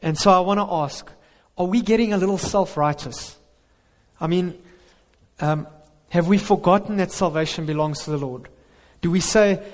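A man's voice: high-pitched, normal speed, long pauses. A man preaching a sermon, earnest and emphatic, with rhetorical questions. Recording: reverberant hall.

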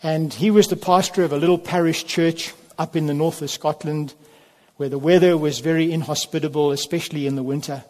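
A man preaching a sermon, telling a story in an unhurried way and then leading a quiet prayer. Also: on the high side, fairly even intonation. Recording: long hall reverb.

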